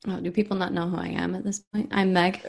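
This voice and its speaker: A woman's voice: on the low side, flat delivery, quick pace, creaky, breathy edge. A woman co-hosting a casual talk show, wry and teasing. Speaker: podcast co-host. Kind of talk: casual chat.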